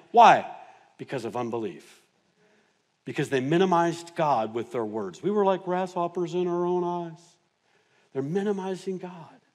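A male pastor delivering a sermon in a church, his voice sitting noticeably high for a man. He drops to near-hushed phrases, then builds to loud, emphatic declarations. He leans on storytelling and self-deprecating humor. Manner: dynamic preaching, swings from hushed to loud and emphatic; humorous, self-mocking asides. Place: church sanctuary.

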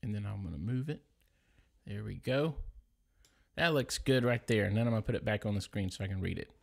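A man's voice: fairly low pitch, brisk, vocal fry. A man from Louisiana with a Southern accent, chatting casually on a livestream and reading viewer comments aloud. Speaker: livestream gospel singer.

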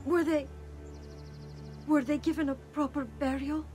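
A woman's voice: high-pitched, flat delivery, measured pace, darkish tone, soft background music. A frightened young noblewoman. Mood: anxious. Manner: anxious, pleading questions. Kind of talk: video game cutscene acting.

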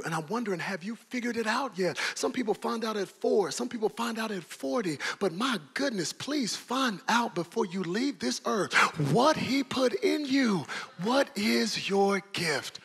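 A man as guest preacher, giving a fervent, animated sermon in church with storytelling and shouted peaks. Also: sits high, a little slow, husky. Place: church service.

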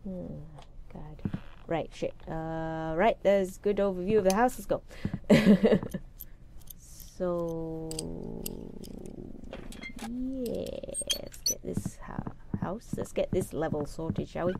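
A woman's voice: fairly low pitch, expressive, unhurried, a little mellow, a little hiss or hum. A young woman commentating a horror game as she plays, sweary, sarcastic and jumpy. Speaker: let's play gamer.

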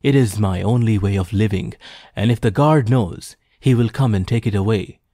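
A man's voice: on the low side, normal speed, warm tone, no echo, studio quality. A man voicing a humble, wily poacher who pleads earnestly with the hunter. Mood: anxious.

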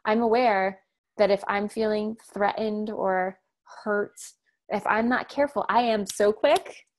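Her voice sits in the mid-range and her pace is measured. She's a thirty-something communication coach being interviewed, and she tells her stories with emphasis and animation, performing the quotes as she goes.

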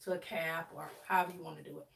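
In a deep, creaky voice with fairly even intonation, a thirtysomething livestream host talks very fast while doing her hair. She chats casually with viewers, calling them "y'all" and using dialect grammar. The room is echoey and the mic far away.

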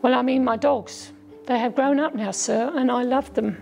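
A frightened young orphan girl in a storybook, rushing her words and pleading, as a woman narrator puts her on. The voice is lifted higher and anxious, with a gravelly edge underneath. Faint music runs behind. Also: a little mellow. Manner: rushed and pleading.

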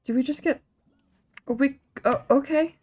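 Woman streamer, fairly high voice, chatty and rambling, casual gameplay commentary. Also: normal speed, darkish tone. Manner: chatty, rambling, self-mocking.

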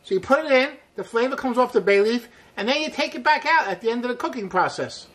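Upbeat chatty chef, lively pitch. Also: male voice, fast talker. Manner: chatty, upbeat, frequent "hey" and "woo". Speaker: cooking show host, chef. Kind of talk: casual cooking demonstration.

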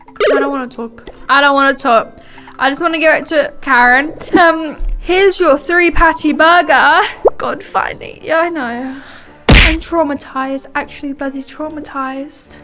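High-pitched woman gaming host. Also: fairly even intonation, moderate pace, loud music behind the voice. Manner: dramatic, emotional, exclaiming. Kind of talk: gaming commentary.

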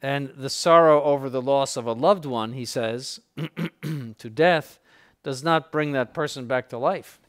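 A man of mid pitch delivers an informal lecture as a bishop teaching clergy. He talks in an earnest, conversational way, stressing his points and acting out quoted examples to make them land. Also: a little slow.

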